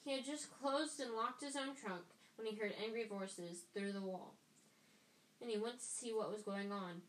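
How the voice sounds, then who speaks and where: A woman's voice: a little high, moderate pace. A woman reading a story aloud, stumbling and restarting lines as she goes. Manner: reads with frequent stumbles and restarts. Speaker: reader. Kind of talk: amateur audiobook reading. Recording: echoey room with faint noise.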